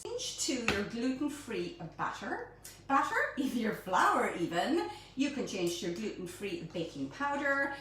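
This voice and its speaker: A woman's voice: on the high side, big pitch swings, a little slow, a bit bright. A woman hosting her own baking show, chatting playfully through a recipe and often tripping over her words. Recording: very echoey room, mic at a distance, faint noise.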